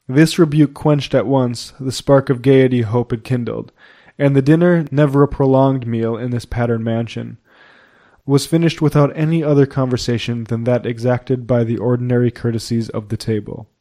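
A man reads a classic novel aloud with a mellow, warm tone at an ordinary middle pitch. His delivery is measured and even, and he gives the characters' lines only a light touch of voicing. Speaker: audiobook narrator.

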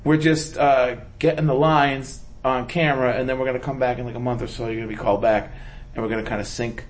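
An animated man tells a story in a casual chat, laughing as he goes. His pitch sits mid-range. A faint background hiss runs under his voice. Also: fast. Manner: animated, laughs while telling stories. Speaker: comedian and indie film actor.

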